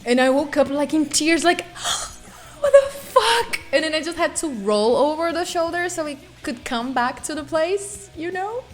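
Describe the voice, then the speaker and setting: Animated woman streamer. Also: high-pitched, normal speed, hardly any pauses. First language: Portuguese. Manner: animated, swears freely, acts out sounds and screams. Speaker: live streamer. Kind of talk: casual storytelling to chat.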